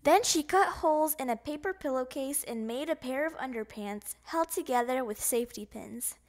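A woman narrating a children's picture book in an expressive, sing-song way. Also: sits high, normal speed. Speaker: storybook narrator. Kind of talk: children's audiobook reading.

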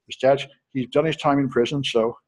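A man lecturing a college class at a rapid clip, words tumbling out one after another. His voice has a husky, slightly rough edge, and he keeps the talk loose and animated. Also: medium pitch. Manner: animated, talks fast to students with asides. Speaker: college instructor.

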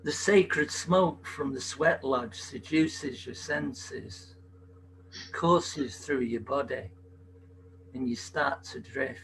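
A man performing at an open mic over a video call, reading a poem softly and slowly, then chatting before a sung parody. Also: medium pitch, background noise. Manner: slow, soft-spoken delivery with gravelly fry.

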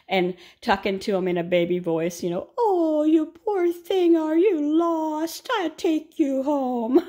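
Woman vlogger, middle-aged, slightly low voice, chatty, laughs a lot. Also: darkish tone. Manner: chatty, rambling storyteller who laughs often. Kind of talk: casual chat while cooking.

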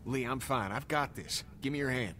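An actor playing a gruff, hardened male survivor in a video game, talking bluntly and giving orders. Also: medium pitch, normal speed, noisy background, lightly acted. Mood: tense. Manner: blunt, commanding. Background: game music.

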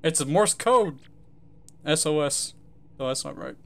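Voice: medium pitch, lively intonation, unhurried, vocal fry. A co-host with a Southern US accent playing through a game, joking and laughing often. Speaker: let's play co-host. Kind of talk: casual gaming commentary.

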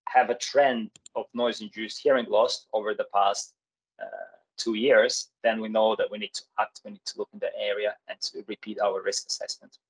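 Halting man presenting a webinar. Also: fairly low pitch, flat delivery, slightly rough, poor audio. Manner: halting, many fillers. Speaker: occupational hygienist presenter.

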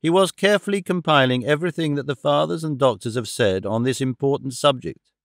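A man reading a classic novel aloud as an audiobook narrator, in a measured, formal storytelling manner. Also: medium pitch, gravelly, no room sound, studio quality. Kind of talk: scripted narration.

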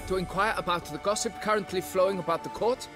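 A man's voice: high-pitched, fast, lightly acted. An actor playing a haughty male nobleman who demands deference while hiring a monster hunter. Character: pompous haughty male nobleman, vineyard owner. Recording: game audio with music underneath.

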